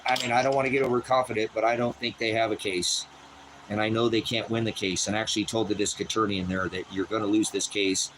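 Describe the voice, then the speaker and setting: A man talking heatedly and profanely about his legal troubles, repeating himself and climbing into a strained high pitch when upset, out on his rural property. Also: fairly bright tone, a little hiss or hum, rough recording. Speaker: host of a personal channel. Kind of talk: unscripted personal rant.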